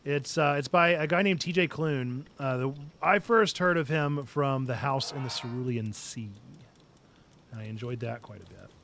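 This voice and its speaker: Bright-voiced man with gravelly fry. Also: mid-range voice, normal speed, slight background noise. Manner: playful, talks to the game creatures and reads chat. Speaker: streamer. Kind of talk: casual gameplay commentary.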